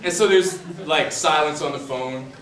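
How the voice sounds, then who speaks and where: A man from the Boston suburbs tells a story to a class in a lively, conversational way, full of "you know" and "um". His voice sits a bit high for a man. He is picked up from across an echoey classroom, with faint room ambience behind him. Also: moderate pace, recorded from a distance, a crowd in the background. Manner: animated, conversational, many fillers. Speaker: author speaking to a class. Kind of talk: humorous storytelling lecture. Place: university classroom.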